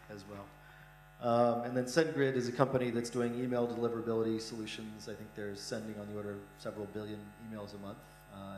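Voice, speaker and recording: Blunt man in an echoey conference hall. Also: fairly low pitch. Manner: blunt, frank, many "uh" fillers. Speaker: investor, startup fund founder. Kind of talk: conference interview answers.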